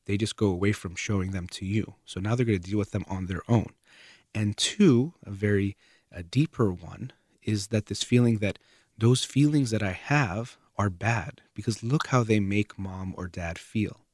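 A man giving a calm, measured, earnest talk about how parents handle their children's feelings. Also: fairly low pitch, no echo, clean studio sound. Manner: calm, measured, earnest, trailing off softer at phrase ends. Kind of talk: explanatory talk to camera.

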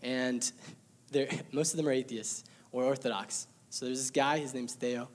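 A man's voice: medium pitch, steady tone, normal speed. A young man sharing an earnest, emotional personal testimony at a church service, with bits of light laughter.

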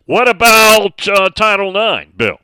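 A man's voice: high-pitched, big pitch swings, slow, sharp tone, clean tone, dry recording. A middle-aged man hosting a sports talk radio show, speaking emphatically and reading out listener messages.

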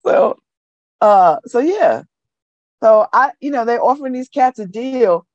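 A woman's voice: on the high side, sing-song, slow pace, long pauses, darkish tone, dry recording, highs cut off. A woman hosting a community radio show, giving casual, slangy commentary that repeats phrases for emphasis and breaks into laughter.

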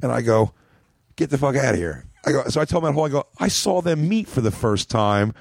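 An American comedian on a podcast tells a long, rambling, profane backstage story, acting out quotes in a raised voice. His medium-pitched voice is gravelly and fast with lively intonation, captured in a dry, clean studio recording.

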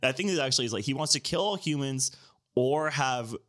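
Bright-voiced man in rambling podcast chat. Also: mid-range voice, lively intonation, a little fast. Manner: rambling and laughing often. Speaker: podcast co-host. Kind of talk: casual chat.

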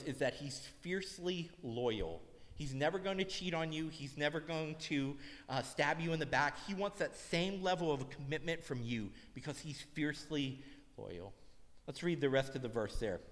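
Pastor guy in his 30s preaching casual and self-deprecating, kinda high voice, lots of reverb. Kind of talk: sermon. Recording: long reverb.

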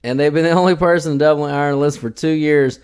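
A man's voice: fairly high pitch, steady tone, quick pace, a little mellow, smooth. A man hosting a podcast in a casual, blunt style with plenty of swearing. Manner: profane, blunt, ranting. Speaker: podcast host.

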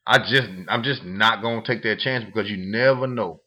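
Bright, frank man chatting. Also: on the low side, moderate pace. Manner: relaxed, frank, repeats himself for stress. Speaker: podcast co-host. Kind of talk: casual chat.

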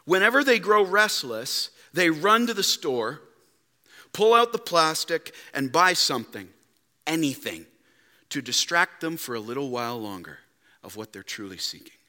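Bright-voiced preacher in a reverberant church. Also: male voice, fairly high pitch, big pitch swings, normal speed. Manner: emphatic, with sudden drops to quiet rhetorical questions. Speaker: pastor. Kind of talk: sermon. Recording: long reverb in a church hall.

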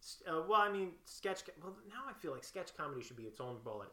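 Lively young man in an echoey room. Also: a little high. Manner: animated, quick to bicker. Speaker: co-host. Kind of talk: comedic banter.

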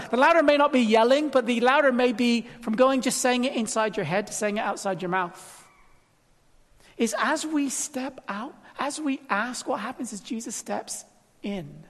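A man preaching a sermon in a conversational way, full of rhetorical questions, moving from loud emphasis to hushed tones. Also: extremely high pitch. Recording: long hall reverb.

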